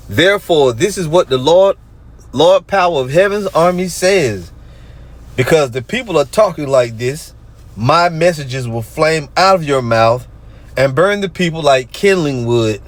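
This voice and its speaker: A man, ranting in a casual monologue and reading scripture aloud between mocking remarks. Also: on the high side. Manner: rants and mocks, reads verses aloud. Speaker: religious group commentator.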